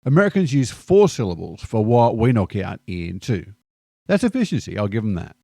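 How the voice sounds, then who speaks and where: A man's voice: fairly low pitch, very animated, moderate pace, gravelly, mellow, no room sound, studio quality. A middle-aged Australian man with an Australian accent, narrating a vlog in a wry, joking way. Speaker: vlogger. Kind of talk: scripted narration.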